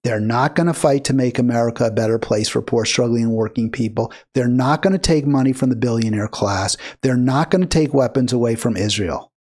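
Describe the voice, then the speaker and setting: A man's voice: mid-range voice, a little fast, few pauses, a little mellow. Indignant male political commentator. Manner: indignant, emphatic, rising to heated bursts. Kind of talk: reacting to clips with commentary.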